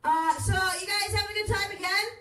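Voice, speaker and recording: A woman's voice: very high-pitched, steady tone, fairly quick, a bit bright. A woman hosting a live comedy show in a tavern, swearing freely while she hypes up the crowd. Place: small tavern, live audience. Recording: echoey bar from far off, crowd noise.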